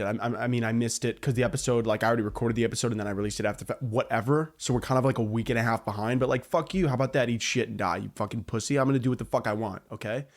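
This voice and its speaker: A young man hosting his own podcast, rambling alone in a joking, sarcastic and profane way. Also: medium pitch. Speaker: podcast host. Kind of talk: casual solo podcast monologue.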